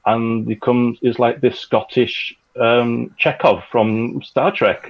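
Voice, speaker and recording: A man in casual chat as a podcast guest, telling animated, rambling stories with lots of fillers. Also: medium pitch, slow pace, gravelly, muffled recording. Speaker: guest, audio drama creator. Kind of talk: casual chat over a call.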